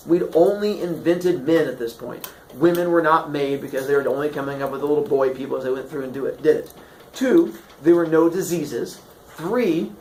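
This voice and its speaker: A man's voice: fairly high pitch, slight background noise. A man teaching a class, telling old myths as comic stories and slipping into silly voices for the characters. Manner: animated, jokey, puts on voices for characters. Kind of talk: comic storytelling lesson. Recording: echoey room.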